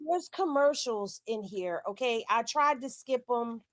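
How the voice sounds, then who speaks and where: A woman's voice: on the high side, a crowd in the background. A woman hosting a casual chat, talking expressively and drawing her words out. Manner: expressive, drawn-out. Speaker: podcast host.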